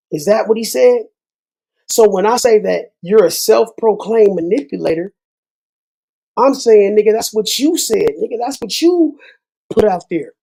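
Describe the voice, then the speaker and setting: A man's voice: high-pitched, creaky, dark tone, rough recording. A man hosting his own channel, delivering a heated, profane rant straight to his viewers and slipping rhymes into it. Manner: heated, profane, rhyming asides. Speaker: channel host. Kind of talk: ranting monologue to viewers.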